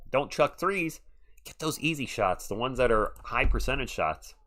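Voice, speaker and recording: A man's voice: mid-range voice, lively intonation, fairly bright tone. Male live-stream commentator, mid-range voice, casual play-by-play with chat banter. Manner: chatty, answers the chat between rapid play calls.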